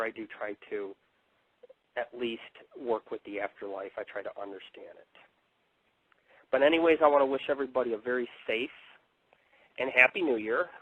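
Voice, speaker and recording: A man's voice: medium pitch, no room sound. Swearing man ranting on tinny radio. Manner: rambling, swearing, combative. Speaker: internet radio host. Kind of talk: profane live radio monologue. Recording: tinny phone-like dry audio.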